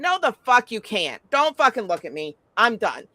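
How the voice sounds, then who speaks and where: A woman's voice: medium pitch, very animated, normal speed, sharp tone, no echo. A middle-aged woman talking in a casual chat, telling stories bluntly and animatedly, with frequent swearing.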